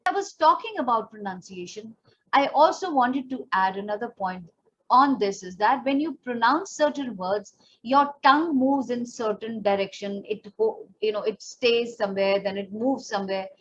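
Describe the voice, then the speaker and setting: Higher-voiced Indian woman coaching patiently. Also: moderate pace, a bit bright, highs cut off, a little hiss or hum. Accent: Indian English. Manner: patient, explanatory, slips into Hindi phrases. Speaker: pageant trainer. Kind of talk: coaching lesson.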